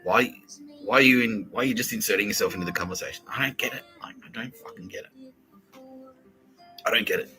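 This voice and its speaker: A man's voice: fairly low pitch, fast, pauses often, sharp tone, soft background music, low-quality recording. A man with an Australian accent hosting a rambling, profane comedy podcast, laughing at his own jokes and slipping into mock voices for bits. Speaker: podcast host.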